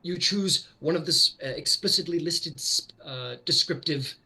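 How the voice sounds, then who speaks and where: A man's voice: on the high side, normal speed, sharp tone, voice pushed up, rough recording. A man voicing a composed female elf grand mage who speaks formally and courteously. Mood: questioning.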